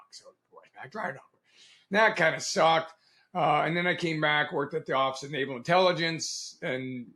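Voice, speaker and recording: Middle-aged man, guest storyteller, animated, slightly high voice, bright tone. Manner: animated, laughs often, acts out quoted dialogue. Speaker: guest, Navy veteran. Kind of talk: casual storytelling interview.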